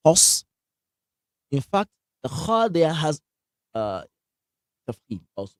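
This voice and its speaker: A man teaching Quran recitation in a live online lesson, energetic, asking the class questions and repeating sounds to demonstrate them. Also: medium pitch, a little slow, pauses often, no room sound, studio quality.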